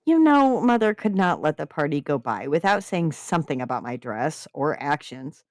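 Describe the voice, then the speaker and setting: A woman hosting a writing-prompt stream, reading submitted stories aloud in an expressive way. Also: sits low, normal speed, dry recording, clean studio sound. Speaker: podcast host reading submissions. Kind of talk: livestream story reading.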